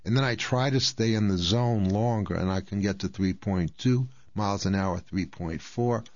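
A man's voice: fairly low pitch, normal speed, darkish tone, dry recording, dull audio. A man in his sixties hosting a radio talk, explaining things step by step in a chatty way. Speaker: radio host. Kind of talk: casual health talk.

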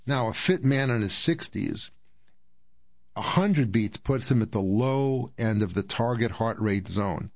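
A man's voice: lowish voice, a little mellow, no room sound, muffled recording. A man in his sixties hosting a radio talk, explaining things step by step in a chatty way. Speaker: radio host. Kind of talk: casual health talk.

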